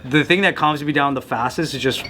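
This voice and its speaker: A man hosting a comedy podcast, telling a relaxed story in casual chat and reflecting on arguments. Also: mid-range voice, brisk, background noise. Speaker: podcast host.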